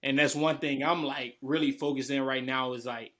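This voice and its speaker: A man's voice: mid-range voice, fairly even intonation, normal speed, a bit bright. A young man co-hosting a podcast, talking earnestly and emphatically in casual discussion, often asking "you know what I'm saying". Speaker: podcast co-host.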